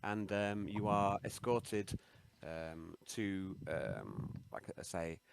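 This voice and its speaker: Low voiced guy gm, rambly, lots of um, dry sound. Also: slow, creaky, smooth, no echo. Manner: rambling, many ums and restarts. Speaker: game master. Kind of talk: narrating a tabletop game.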